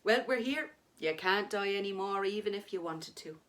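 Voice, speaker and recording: A woman voicing a dead husband who speaks calmly and patiently to his frightened wife. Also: medium pitch, moderate pace, lightly acted. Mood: soothing. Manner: soothing, patient. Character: calm ghostly husband, gentle and soothing. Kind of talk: dramatic story reading.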